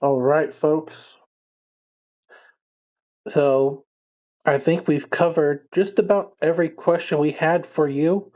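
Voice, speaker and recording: A man's voice: a little high, fairly even intonation, measured pace, a little mellow, highs cut off. A man hosting a casual online talk show, asking questions in a laid-back, conversational way. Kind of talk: casual podcast chat.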